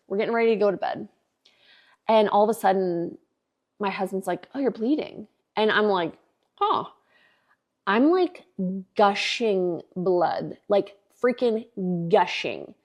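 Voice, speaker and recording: Woman, 40s, podcast host; casual, candid storyteller with a middle-pitched voice and lots of fillers. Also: gravelly. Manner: animated, filler-heavy, candid.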